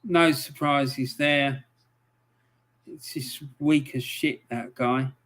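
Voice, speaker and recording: A man giving live match commentary on a stream, swearing often and breaking into angry outbursts between calm play-by-play. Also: medium pitch, slow.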